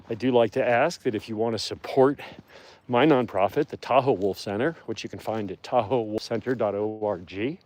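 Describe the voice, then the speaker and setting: A man's voice: mid-range voice, a little mellow. A man hosting a casual livestream outdoors by wolf enclosures, talking in a rambling, chatty way with easy laughs, recorded on a handheld phone. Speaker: wolf sanctuary host.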